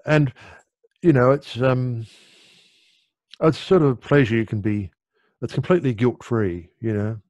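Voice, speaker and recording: A man's voice: medium pitch, unhurried, pauses often, darkish tone, no echo. A middle-aged man explaining meditation in an easygoing, conversational way, often restarting his sentences. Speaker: meditation teacher.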